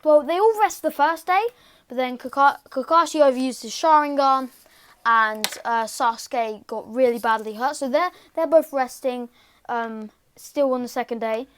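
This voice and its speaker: A woman casually retelling a fan story in a rambling, halting way, full of fillers and restarts. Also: high-pitched, a bit bright, a little hiss or hum.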